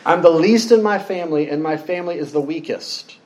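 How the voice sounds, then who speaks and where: A man's voice: brisk, a little mellow, close to an everyday voice. A man voicing a frightened, insecure young man who stammers and protests that he is not good enough. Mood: panicky. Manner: whiny, stammering, pitched up in comic panic. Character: panicky insecure young man, self-doubting underdog.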